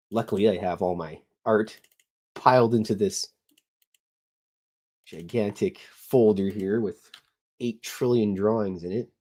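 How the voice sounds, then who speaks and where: This is a middle-aged Canadian cartoonist and podcast host, chatting loosely while he draws and meandering between jokes and self-deprecating asides. His warm voice sits on the low side and has a breathy edge.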